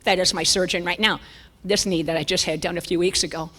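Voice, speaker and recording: Lively older lady telling funny stories at a church conference, big echoey hall. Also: on the low side, fast. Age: 70s. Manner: lively, self-mocking, chuckling storyteller. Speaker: conference speaker. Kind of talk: humorous storytelling talk. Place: church sanctuary.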